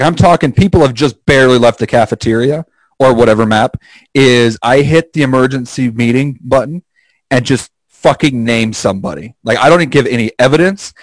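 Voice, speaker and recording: A man with a medium-pitched voice co-hosts a podcast, chatting casually and telling stories packed with swearing and acted-out quotes. He's an animated storyteller. The recording is dry and low in quality.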